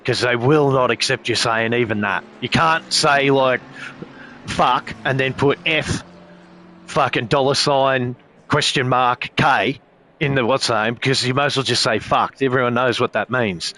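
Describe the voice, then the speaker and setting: A man's voice: mid-range voice, steady tone, normal speed, sharp tone, a little hiss or hum. A man chatting casually as a sim racing streamer, rambling with heavy swearing and frequent filler phrases. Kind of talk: casual chat.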